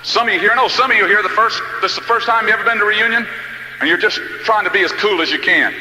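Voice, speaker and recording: A man's voice: high voice, fast, bright, forceful tone, roomy sound, big-room sound, slight background noise, poor audio. A man giving a live motivational speech, telling folksy, humorous stories to his audience. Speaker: motivational speaker.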